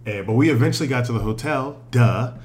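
A man co-hosting a podcast, telling a story in an animated, profane, casual way, laughing often. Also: medium pitch, quick pace. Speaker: podcast co-host.

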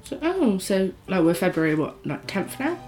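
A woman co-hosting a podcast in casual chat, reacting with quick comments and questions. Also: mid-range voice, very animated, warm tone, soft background music. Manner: reactive, frequent short responses. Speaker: podcast co-host.

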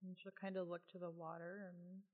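A woman's voice: fairly low pitch, flat delivery, fairly quick. A woman playing in a tabletop game, speaking hesitantly with stammering restarts. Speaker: player. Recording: muffled lo-fi audio.

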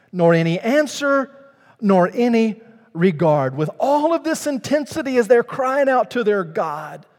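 A male pastor preaching a sermon, swinging from hushed, quiet lines to loud, fervent outbursts in a rhythmic preacher's cadence. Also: on the high side, long reverb tail.

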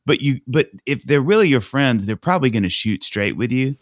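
A man hosting an interview, animated and quick to laugh. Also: mid-range voice, no echo, clean studio sound. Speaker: podcast host. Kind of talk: casual interview.

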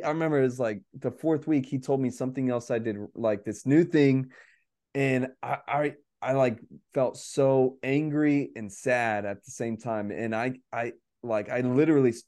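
A man's voice: mid-range voice, moderate pace, dark tone. A man in casual podcast conversation who rambles, laughs often and says "like" a lot. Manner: rambling, laughing, heavy use of "like".

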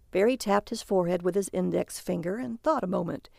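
A woman's voice: lowish voice, moderate pace, creaky, a little mellow, no echo. A woman reading a comic short story aloud as narrator, in a dry, matter-of-fact manner.

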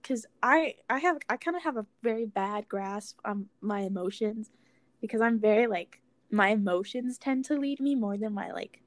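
A woman's voice: on the high side, moderate pace, dry recording. A young woman chatting casually, rambling with many fillers and speaking frankly, with some swearing. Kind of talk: casual chat.

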